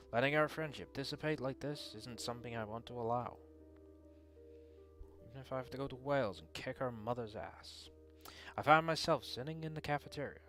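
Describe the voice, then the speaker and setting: Male game reader, mid pitch, earnest narration with dry asides, faint music bed. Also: fairly bright tone. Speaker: player reading a visual novel aloud. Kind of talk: dramatic read-aloud narration.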